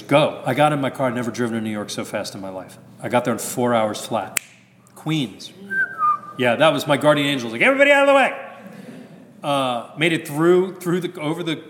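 A male priest tells a personal story in a loose, candid way and chuckles at his own jokes. His voice sits at an ordinary middle pitch. The sound carries a long reverb and a faint hum of background noise.

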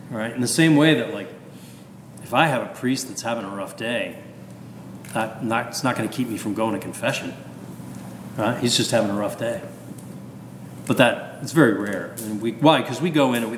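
A priest in his fifties talks in a loose, animated way, full of asides and fillers. His voice carries a roomy echo with a long tail of reverb. A faint ambient hum sits underneath. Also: medium pitch. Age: 50s. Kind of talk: casual talk about confession. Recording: echoey room with long reverb.

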